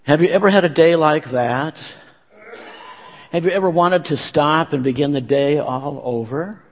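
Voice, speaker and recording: A man preaching a sermon and reading scripture in a measured, earnest way in a church. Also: on the high side. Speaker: pastor. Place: church sanctuary. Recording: long church-hall reverb.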